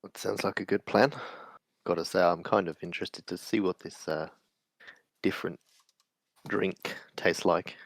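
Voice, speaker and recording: A man playing a tabletop game, relaxed and offhand. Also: sits low, unhurried, vocal fry. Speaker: player. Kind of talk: casual tabletop play.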